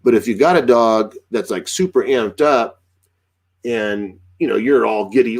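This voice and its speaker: A man's voice: medium pitch, unhurried. A man giving casual dog-training advice, acting out what dogs and owners might say. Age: adult with a young daughter. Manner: animated, acts out dialogue with dogs and owners.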